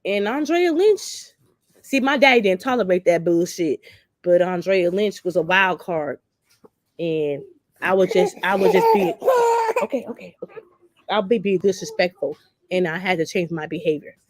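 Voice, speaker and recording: A talk show host with a lowish voice tells candid personal stories at a moderate pace, blunt and salty. She gets animated and takes on the voices of people she quotes, all in studio-quality sound without room noise.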